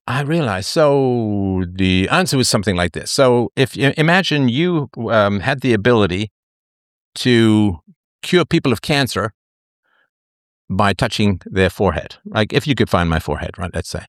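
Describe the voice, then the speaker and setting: A man's voice: fairly low pitch, big pitch swings, unhurried, no echo, clean studio sound. A man hosting a livestream, chatting casually and reading out comments. He rambles with a self-mocking, joking manner. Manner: rambling and self-mocking, with lots of fillers and restarts. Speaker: livestream host.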